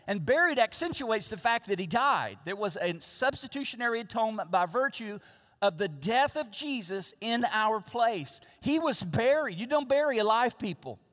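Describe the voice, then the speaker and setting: This sermon comes from a man whose voice is high-pitched, fairly bright and animated, moving at normal speed. The pastor stresses and repeats his key phrases from the pulpit as a large hall's long reverb rings out.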